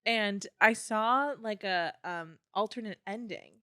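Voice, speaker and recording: A woman's voice: medium pitch, takes it slowly, pushed and bright, no room sound, studio quality. A woman guest on a podcast in casual chat, giggly and enthusiastic, often losing her thread mid-thought.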